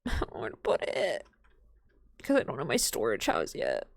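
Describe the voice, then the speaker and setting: A woman's voice: rumbling low, wildly swooping pitch, moderate pace, creaky, dry recording, studio quality. A young adult woman streaming a game from home, rambling and swearing casually and laughing often as she chats to viewers. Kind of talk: casual gaming stream chat.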